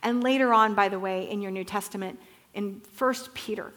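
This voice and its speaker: A woman's voice: medium pitch, normal speed, a bit bright. A woman teaching Bible stories to a group, telling them with animation and asking listeners to repeat words.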